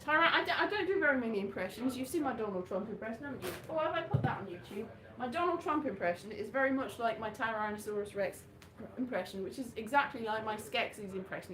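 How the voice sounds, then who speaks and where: A woman's voice: fairly high pitch, animated, brisk, fairly bright tone, a little hiss or hum. A woman from Wales doing live stand-up with slides, in a rambling, chatty, self-mocking way. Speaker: stand-up comedian. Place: small venue. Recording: echoey live room.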